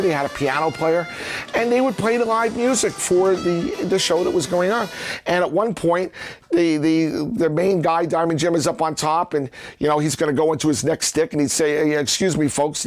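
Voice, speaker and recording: A middle-aged man casually telling rambling stories and acting out the lines people said in lively voices. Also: fairly high pitch. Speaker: prop collector recounting memories. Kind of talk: casual storytelling.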